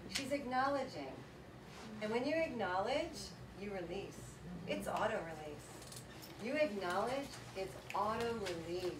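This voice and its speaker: A woman giving a motivational workshop talk to a live audience, telling stories in a lively, chatty way with frequent laughter. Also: fairly high pitch. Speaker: workshop presenter. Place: event room with a seated audience. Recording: echoey room, voice from far off, background noise.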